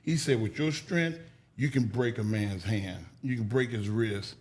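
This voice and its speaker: Guy spinning loud stories on a podcast, swears a lot, does the voices of people he quotes. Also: fairly low pitch, unhurried. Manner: animated, acts out quoted people with raised voice; casual, profane. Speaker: guest. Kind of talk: storytelling in a podcast interview.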